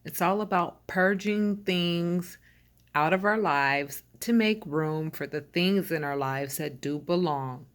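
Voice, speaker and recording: A woman who hosts a channel, giving a calm, reassuring tarot reading that speaks straight to her listeners. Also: on the low side, slow. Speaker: tarot reader.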